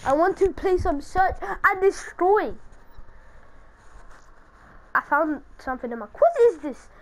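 A woman giving casual commentary over her own gameplay, excitable and taunting other players. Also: extremely high pitch, unhurried, slight background noise, rough recording.

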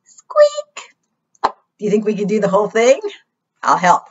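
A woman's voice: mid-range voice, brisk, slightly rough, dull audio. A woman librarian singing and leading a children's action song, cheerful and encouraging as she talks to small children.

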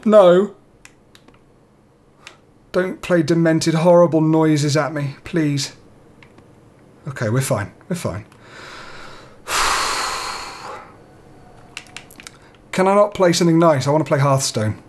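A man's voice: fairly high pitch, unhurried, long pauses, a little mellow. A young man playing a horror game, nervously talking himself through it and swearing now and then. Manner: jittery, talks himself through fear, swears. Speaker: let's play gamer.

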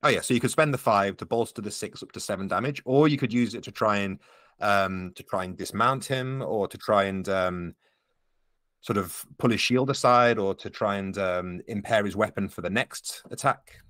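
A man narrates and referees a tabletop game, walking a player through the rules in a low, unhurried voice. He fills pauses with ums as he thinks. The sound is dry and close. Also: fairly bright tone, no room sound. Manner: explains rules patiently, lots of ums. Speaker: game master.

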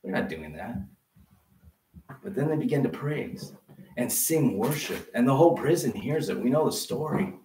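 A man preaching a sermon as pastor, lively and conversational, full of rhetorical questions. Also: mid-range voice, normal speed, a little hiss or hum. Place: church sanctuary. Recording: roomy sound from a distance.

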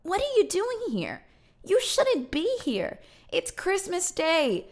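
A woman's voice: very high voice, huge pitch swings, slow, voice pushed up, heavily acted. A woman voicing a weary, scolding elderly woman of eighty in a true crime story.

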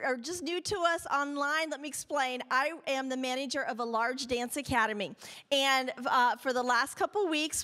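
A middle-aged woman, giving an animated spoken testimony to a church congregation and acting out the voices she quotes. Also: high voice. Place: church sanctuary.

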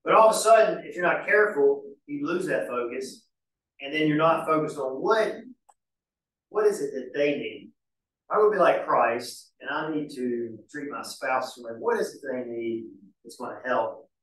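A pastor teaching a marriage class in a casual, folksy way with homespun examples. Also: male voice, on the high side, expressive, moderate pace, a bit bright. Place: church hall. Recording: very echoey church room, mic far off.

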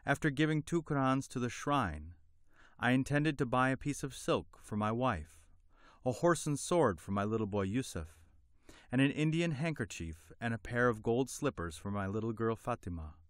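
Guy voicing a poor honest simple fella, earnest, a bit higher than his usual. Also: lively intonation, normal speed, no echo, clean studio sound, close to an everyday voice. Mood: earnest, dismayed. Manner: earnest, plain-spoken. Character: poor honest simple-hearted working man.

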